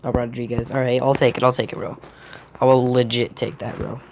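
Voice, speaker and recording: A young man commentating a game pack opening, jumping from quiet mumbling to loud, high yelling. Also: little pitch movement, a little fast, creaky, muffled recording, noisy background. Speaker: gaming YouTuber.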